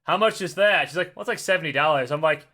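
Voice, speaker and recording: A man in his thirties chatting on a casual podcast, his voice hoarse and cracking as it recovers. His tone is bright and sits a little high, and he laughs and swears his way through a long story. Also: fast talker. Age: 30s. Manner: rambling storyteller, laughs often, swears freely. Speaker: podcast co-host. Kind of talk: casual chat.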